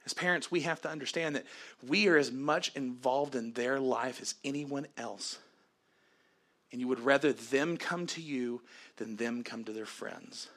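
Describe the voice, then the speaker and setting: Bright-voiced man preaching a sermon. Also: mid-range voice, unhurried. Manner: earnest preaching, dropping to soft prayerful tones. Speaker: pastor.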